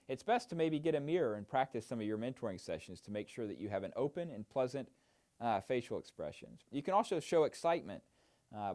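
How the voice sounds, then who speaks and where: A man explaining mentoring techniques in a training lesson, with a lively, animated intonation that rises and falls through each point. He speaks in a clear instructional manner and often pauses on an "uh.". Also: mid-range voice. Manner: explanatory, with frequent "uh" fillers. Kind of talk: instructional narration.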